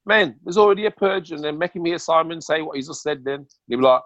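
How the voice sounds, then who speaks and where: A man's voice: a little high, fast talker, a bit bright, no echo, dull audio. A man in casual group chat, joking and repeating his words.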